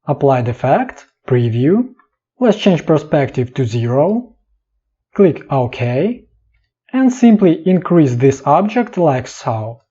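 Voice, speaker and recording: A man talks through a software tutorial slowly and calmly, one clipped step at a time. His voice is dark and a little husky, though his pitch moves a lot. The voice-over sounds dull and lo-fi. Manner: calm, instructive, short clipped steps.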